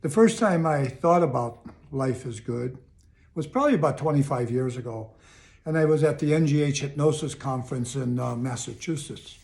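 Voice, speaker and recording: In his Chicago home, an older host of motivational videos talks casually and earnestly to camera in an upbeat way, repeating phrases often. His mid-range voice is creaky with a darkish tone.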